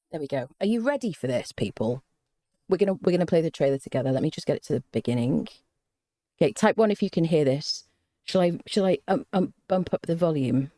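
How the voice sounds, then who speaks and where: A woman streaming live, reading her chat aloud in an excited, gushing, chatty way and greeting viewers by name. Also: low-pitched, a little fast, dry recording, studio quality. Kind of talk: excited casual livestream chat.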